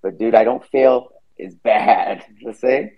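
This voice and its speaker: A man's voice: mid-range voice, takes it slowly, highs cut off. A man hosting a podcast, chatting casually and rambling, swearing freely. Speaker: podcast host. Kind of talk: casual chat.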